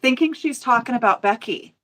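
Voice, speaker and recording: A woman's voice: fairly high pitch, a little fast, fairly bright tone. A woman in her forties, a nail educator from the United States, telling stories in a casual, emotional way. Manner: emotional, storytelling with quoted voices. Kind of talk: casual chat.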